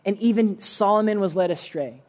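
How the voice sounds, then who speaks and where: A man preaches in church in a voice that sits high, with a darkish tone, at normal speed. His sermon is earnest and loose, with many restarted sentences and "like" fillers.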